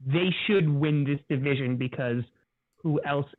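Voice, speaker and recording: A man's voice: a little high, unhurried. Man on tinny phone-like call audio. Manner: rambling, filler-heavy. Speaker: podcast guest. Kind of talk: casual sports chat.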